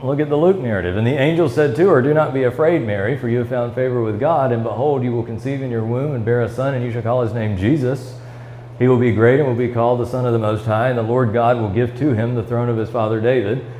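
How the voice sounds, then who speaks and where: Fast and dark-toned, a medium-pitched male voice with a Midwestern American accent leads a Bible study lesson in a church classroom. He reads passages aloud and explains them, using fillers and restarts. The recording is poor, with slight background noise.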